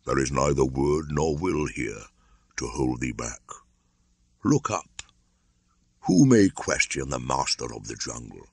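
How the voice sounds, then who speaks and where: An older man voicing an aged, nearly blind male bear who speaks slowly and tenderly in a storybook reading. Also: rumbling low, big pitch swings, breathy edge, no echo, heavily acted. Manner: slow, gentle, fatherly.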